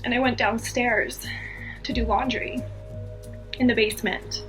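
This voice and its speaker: Slow, bright-voiced woman telling a story. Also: fairly high pitch, steady tone, soft background music. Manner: emotional, earnest, repeats phrases for emphasis. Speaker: podcast guest. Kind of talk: personal storytelling.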